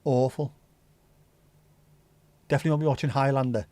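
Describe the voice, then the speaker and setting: A man hosts a relaxed livestream, rambling chattily and swearing now and then as he answers viewers' comments. His pitch is middling and the recording is dry and close. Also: fairly quick, dry recording. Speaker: livestream host. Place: home livestream setup.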